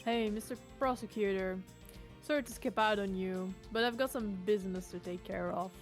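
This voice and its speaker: A woman voicing a cocky, sharp-tongued male special agent, speaking in a mocking, cool way. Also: mid-range voice, moderate pace, soft background music, natural voice.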